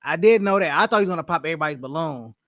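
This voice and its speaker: A man's voice: on the high side, expressive, racing, fairly bright tone, no room sound. Guy doing casual reaction commentary, sounds like he can't believe it, dry sound with no room. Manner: incredulous, wry asides that trail off.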